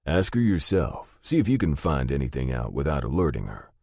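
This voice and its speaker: A blunt older father lays out the facts in a very deep, flat voice, as a man narrator plays him. The read is dark and dry. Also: a little fast, dry recording, exaggerated voice. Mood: serious.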